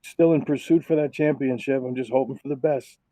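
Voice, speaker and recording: Soft-toned, heartfelt racing driver. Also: male voice, medium pitch, steady tone, brisk, no room sound, rough recording. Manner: heartfelt, rambling thanks with many fillers. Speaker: race car driver. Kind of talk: post-race shout-outs over a broadcast.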